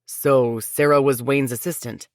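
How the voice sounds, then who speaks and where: A woman's voice: rumbling low, steady tone, measured pace, a little mellow, dry recording, studio quality, pitched below the performer's own voice. A woman reading an audiobook and voicing a stern, suspicious male police detective with a blunt, accusing manner. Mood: questioning. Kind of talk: audiobook character voice.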